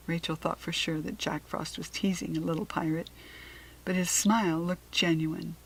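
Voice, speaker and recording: A woman reading a children's storybook aloud, slow, clear and expressive. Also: on the low side, slight background noise, low-quality recording. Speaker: storybook reader.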